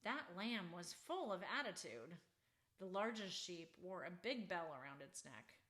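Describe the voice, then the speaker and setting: A woman reads aloud from a children's book she wrote, using an expressive, unhurried storybook style. Her pitch is fairly low.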